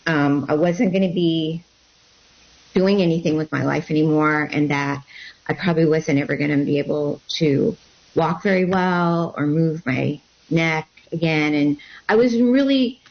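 Woman, lower voice, candid personal storytelling, halting with fillers, dull lo-fi recording. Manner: halting, with many fillers and restarts. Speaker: guest telling her story of becoming a healer.

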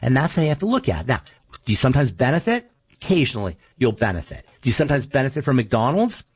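A man co-hosting a radio talk show, an animated storyteller who voices the figures in his stories. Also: medium pitch, fast, husky, no echo, dull audio. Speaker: co-host.

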